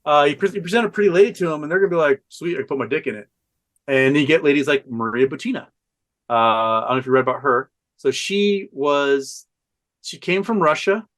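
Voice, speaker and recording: A man talking as a podcast guest, telling a story in an animated, profane way and laughing often. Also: fairly high pitch, a little fast. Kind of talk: casual storytelling chat.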